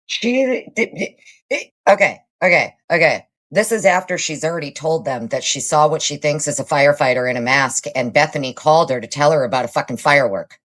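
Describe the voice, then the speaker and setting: Very low-voiced woman streamer. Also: fast, hardly any pauses, a bit bright. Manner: blunt, casual swearing, frequent fillers. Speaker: live stream host. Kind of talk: casual live commentary.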